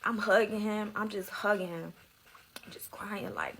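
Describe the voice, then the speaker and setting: Gravelly young woman telling a storytime. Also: medium pitch, unhurried, a bit bright, low-quality recording. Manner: slangy, tearful, dramatic retelling. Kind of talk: emotional storytime.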